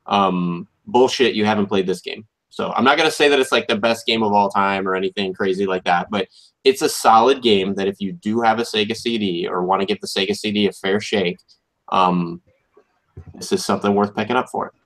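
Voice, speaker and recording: An easygoing man with a fairly low voice, co-hosting a casual podcast. He reviews games in a relaxed way, dotted with ums and uhs. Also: fairly quick. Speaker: podcast co-host. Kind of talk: casual chat.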